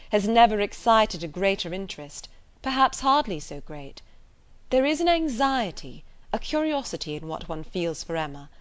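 Audiobook: woman reads grave, frank middle-aged gentleman, firm and measured, mid pitch. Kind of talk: audiobook character reading.

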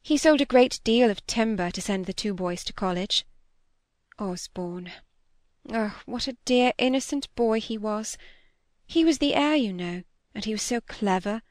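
Woman reading as a gentle ailing older lady. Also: medium pitch, no echo, studio quality, lightly acted.

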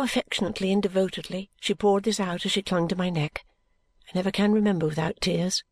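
A woman reading a novel in first person, in a measured, gentle way. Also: mid-range voice, steady tone, no echo. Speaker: audiobook narrator. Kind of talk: first-person audiobook narration.

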